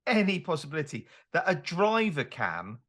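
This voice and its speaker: A man's voice: fairly high pitch, sing-song, normal speed, a bit bright. A man hosting a comedy news podcast, chatting animatedly, laughing often and slipping into silly put-on voices. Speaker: podcast host. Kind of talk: comedy news panel chat.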